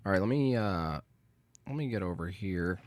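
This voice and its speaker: Low-voiced joking man on a livestream. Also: expressive, moderate pace, no echo. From Canada. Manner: rambling, joking, talking to chat while fixing his stream. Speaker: livestream host. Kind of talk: casual livestream chat.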